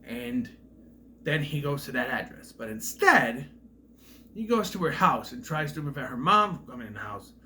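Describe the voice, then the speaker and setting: A man talks through a film's plot in a casual, rambling way, stopping and restarting as he goes. His voice rises and falls a lot, and his tone is bright and forceful. There is a faint hum of noise behind him. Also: mid-range voice. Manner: voices characters with loud exaggerated quotes. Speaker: film reviewer. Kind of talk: casual movie plot recap.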